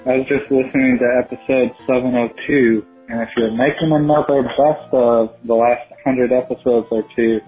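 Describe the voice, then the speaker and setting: A man's voice: medium pitch, fairly even intonation, moderate pace, hardly any pauses, soft background music. Male fan caller, rambly and eager, phone-line sound. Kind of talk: phone voicemail.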